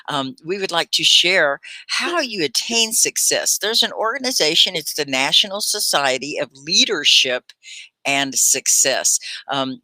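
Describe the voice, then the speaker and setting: Woman, ESL livestream host, patient pronunciation drills, crisp bright tone, dry. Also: low voice, no echo. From United States. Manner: slow, clear spelling and pronunciation drills. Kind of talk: casual teaching chat.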